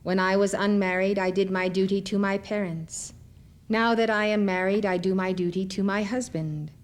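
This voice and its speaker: Woman playing a humble, wise housewife, gentle, plainspoken, even middle pitch, from a spiritual tale. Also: moderate pace, natural voice. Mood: calm, gentle. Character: simple, dutiful housewife, calm and wise.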